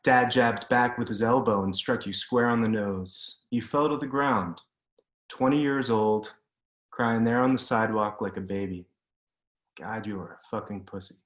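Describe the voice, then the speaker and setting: A man reading his own prose at a steady, deliberate pace, like an author at a reading. He sounds like he is on a video call, and the room around him adds a clear echo. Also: medium pitch. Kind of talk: literary reading. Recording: roomy echo.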